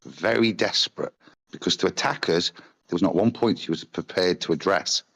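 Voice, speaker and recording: A man's voice: deep voice, moderate pace, creaky, fairly bright tone, slightly rough. A man on an online panel making his case, emphatic as he breaks down an argument. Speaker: panel guest.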